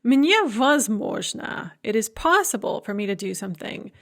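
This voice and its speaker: A woman lecturer teaching a language lesson, explaining grammar step by step and slowing down to enunciate each example phrase. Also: on the high side, animated. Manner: explanatory, repeats key points. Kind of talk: recorded lecture.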